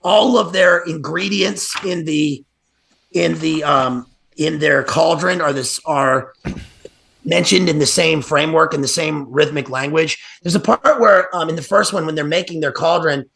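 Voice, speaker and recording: Gravelly, bright-voiced man analyzing literature. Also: a little high, measured pace. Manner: digressive, many fillers and restarts. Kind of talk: casual livestream discussion.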